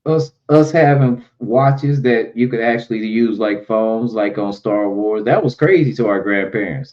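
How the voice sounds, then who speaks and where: A man co-hosting a casual chat show, telling stories and getting animated when he quotes other people. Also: on the low side, unhurried, hardly any pauses. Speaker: co-host. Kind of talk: casual chat about current events. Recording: dull lo-fi sound.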